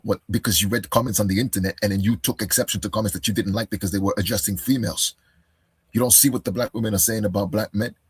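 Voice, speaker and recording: Deep, very husky man, arguing hard. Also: dry recording. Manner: combative, fires rhetorical questions, calls listener "bro". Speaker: commentator responding to a video. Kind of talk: argumentative reaction commentary.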